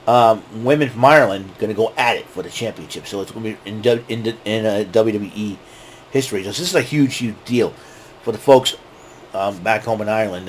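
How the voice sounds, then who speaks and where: A man hosting a casual wrestling recap, rambling and excitable, often restarting his sentences. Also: fairly low pitch, slight background noise. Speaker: show host.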